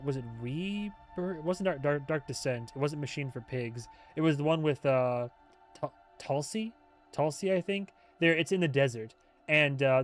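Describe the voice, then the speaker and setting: A man chatting casually on a livestream, rambling from point to point with easy jokes and frequent laughter. His voice sits at a middling pitch, with soft music playing faintly behind him. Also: no echo. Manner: rambling, joking, quick to laugh. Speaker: YouTube host, TV show reviewer.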